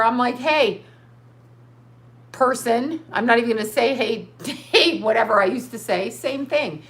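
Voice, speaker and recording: A woman's voice: on the high side, unhurried, long pauses, fairly bright tone. A middle-aged woman hosting a casual livestream as a psychic, rambling through viewer comments and breaking into profane outbursts. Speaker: livestream host.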